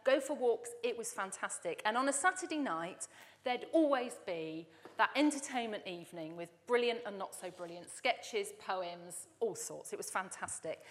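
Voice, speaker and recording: A woman's voice: medium pitch, expressive, moderate pace, big-room sound. A woman from Dorset giving a chatty, storytelling sermon as she introduces a reading. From Dorset, England. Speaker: church speaker introducing a reading.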